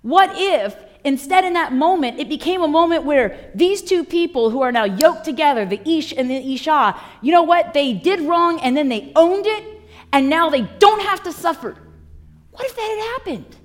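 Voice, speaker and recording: A woman in her thirties or forties preaching a sermon, telling the story with lively asides and acted-out voices. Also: sits high, moderate pace. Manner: animated storytelling, acting out voices.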